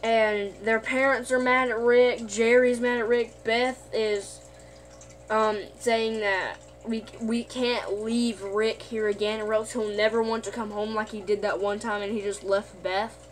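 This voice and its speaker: A woman's voice: on the high side, little pitch movement, measured pace, slight background noise. A woman casually recapping an episode in a rambling way, with lots of fillers and restarts.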